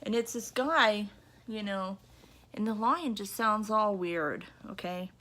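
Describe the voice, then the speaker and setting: A woman's voice: medium pitch, slow, bright, forceful tone. A woman vlogging from her apartment, telling a story to her viewers in a chatty, indignant way. She keeps checking in with them by asking "okay?" and "you know?". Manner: indignant, emphatic retelling. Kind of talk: casual storytelling to camera.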